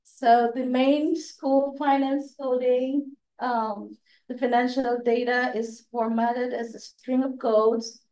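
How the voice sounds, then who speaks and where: A woman's voice: on the high side, warm tone, distant mic, slight background noise. Hesitant woman with an accent, echoey room. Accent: non-native English accent. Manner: halting, many fillers and restarts, laughs often. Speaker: state education staff trainer. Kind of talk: presenting at a training session.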